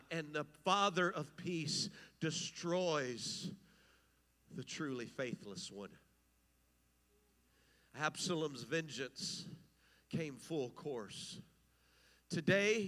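A man's voice: fairly high pitch, lively intonation, slow, sharp tone, in a large hall. A man preaching an impassioned, emphatic sermon as pastor, rising and falling in intensity.

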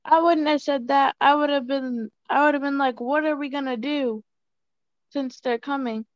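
A woman's voice: high-pitched, steady tone, normal speed, no room sound, dull audio. A woman reading scripture aloud carefully and steadily, with a few small restarts, and answering questions.

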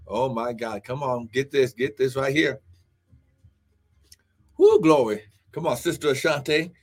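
A man preaching a fervent live-streamed sermon, calling out to listeners and shouting praise. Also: on the high side, husky. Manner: fervent, punctuated with "glory" and "come on now".

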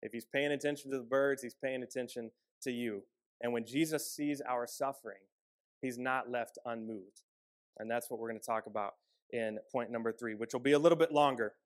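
A male pastor delivering a sermon in an earnest, measured way. His voice sits fairly high for a man, and he often drops to a softer, quieter tone to let key lines land.

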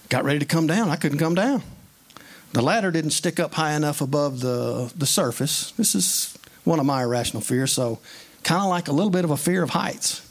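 Earnest man preaching a sermon. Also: a little high. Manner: earnest, conversational preaching with plain everyday stories.

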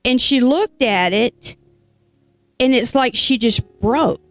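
A woman preacher telling a story in an animated, folksy sermon, with casual asides to the congregation. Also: fairly high pitch, takes it slowly, dry recording.

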